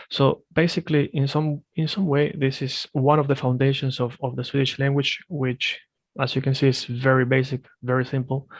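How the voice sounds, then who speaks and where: A man teaching a one-on-one language lesson, correcting firmly and repeating words slowly for his student. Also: medium pitch, dry recording. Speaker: Swedish teacher.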